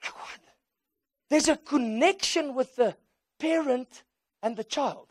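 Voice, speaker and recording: His voice very high and his pace measured, a South African man, Afrikaans by birth, preaches a sermon as an animated storyteller. He voices the characters himself and weaves in Afrikaans phrases. Studio quality, no echo.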